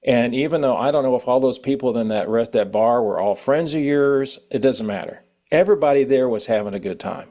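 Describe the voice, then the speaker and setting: Male host, mid-pitched voice, friendly and encouraging, conversational questions. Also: a little fast, few pauses, warm tone. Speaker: interview host. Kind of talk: casual interview chat.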